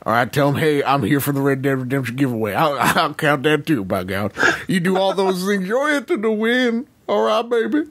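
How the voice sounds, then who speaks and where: A man putting on a folksy American Southern accent to play a blustery good-ol'-boy type who keeps shouting "by God" during a giveaway plug. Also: a little high, a little fast. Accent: put-on American Southern. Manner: folksy, hollers "by God" between lines.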